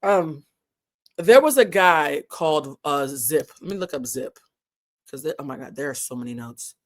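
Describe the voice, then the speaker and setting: Animated woman with a New England accent. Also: sits low, normal speed. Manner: animated, digressive, swears freely, wide swings in loudness. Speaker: commentary channel host. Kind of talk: casual live commentary.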